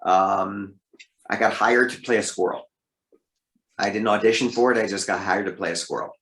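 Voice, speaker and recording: A man who works as a voice actor, telling stories from his career as an interview guest, lively and leaping up in pitch for emphasis. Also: moderate pace. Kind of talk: interview storytelling. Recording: roomy echo.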